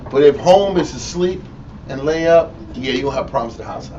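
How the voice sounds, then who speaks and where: A man with a Texas accent, teaching the Bible informally in an animated, profane way and mimicking people. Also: mid-range voice, brisk. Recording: lo-fi room recording from a distance with faint noise.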